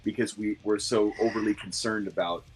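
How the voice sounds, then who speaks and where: A man's voice: fairly low pitch, steady tone, a little fast, over loud music, low-quality recording. A man co-hosting a podcast, chatting casually and earnestly sharing his opinions. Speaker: podcast co-host. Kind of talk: casual chat.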